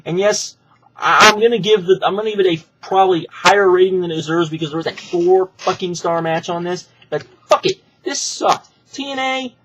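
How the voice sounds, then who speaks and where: A man's voice: high voice, a little fast, muffled recording, noisy background. A man giving a ranting video review, profane and exasperated, hammering his points with emphatic repetition. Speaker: wrestling show reviewer.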